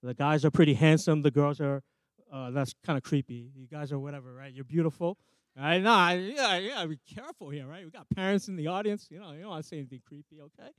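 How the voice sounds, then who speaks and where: A man's voice: fairly high pitch, fast talker, no echo. A man in his thirties preaches to a church youth group in a slightly raised voice, rambling and poking fun at himself between restarts. His mic sound is close and dry, with no room around it. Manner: rambling and self-joking, many restarts. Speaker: youth pastor. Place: church youth service with audience. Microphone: microphone.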